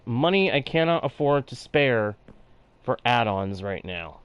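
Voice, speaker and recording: He streams a block-building game with a Texan-sounding drawl, reading chat aloud and laying out his build one step at a time. The fairly high voice has lively intonation and an unhurried pace, sounding clear and resonant with no echo.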